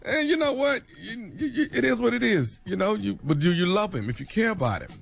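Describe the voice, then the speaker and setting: A man's voice: high-pitched, very animated, brisk, creaky. A man co-hosting, giving casual advice with a loose, repetitive, laughing manner.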